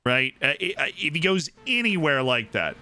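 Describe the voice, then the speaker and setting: A man's voice: fairly high pitch, sing-song, moderate pace, pushed and bright. A man streaming live, rambling through his opinions in casual chat and often checking in with "right?".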